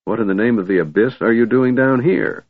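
Storybook big warrior voiced by a man: gruff, grim, heavy-spoken, husky, tinny narrow sound. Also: medium pitch, brisk, no room sound, natural voice. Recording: tinny narrow-band audiobook recording.

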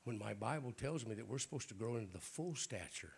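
A man, a bishop, preaching a sermon at a church prayer night in a raspy voice with folksy jokes and frequent throat clearing. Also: mid-range voice, expressive, quick pace. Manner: folksy, joking preacher talk.

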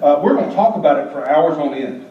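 Animated preacher with a high voice. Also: male voice, fast. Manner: animated, gasping, comic preaching with acted-out voices. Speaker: pastor. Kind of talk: sermon. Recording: echoey church, distant mic, dull.

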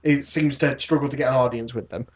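A man's voice: medium pitch, steady tone, fast talker, husky. A man in casual podcast chat, stubborn and laughing often. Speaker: podcast co-host.

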